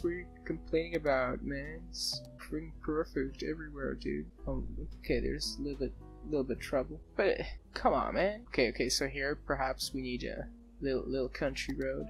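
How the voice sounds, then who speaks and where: Excitable gravelly-voiced man playing a game. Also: mid-range voice, moderate pace. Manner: excitable, laughs often, exclamations. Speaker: let's play gamer. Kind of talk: casual gameplay commentary. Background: soft background music.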